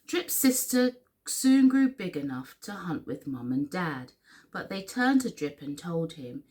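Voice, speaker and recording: Lady doing storytime, reading a kids book slow and sing-songy, swoopy expressive voice. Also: fairly low pitch. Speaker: story reader. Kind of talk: children's storytime read-aloud.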